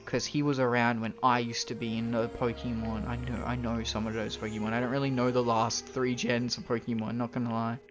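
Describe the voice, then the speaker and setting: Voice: mid-range voice, flat delivery, a little fast, hardly any pauses. Chatty live streamer, casual, laughs a lot, faint music behind. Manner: chatty, laughs often, restarts. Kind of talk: casual live-stream chat while reading a visual novel aloud.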